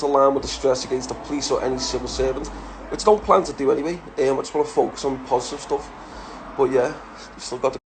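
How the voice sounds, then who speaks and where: A man from England in his thirties, answering follower questions in a casual chat, blunt and swearing, often calling people lad. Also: medium pitch. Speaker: social media personality answering follower questions.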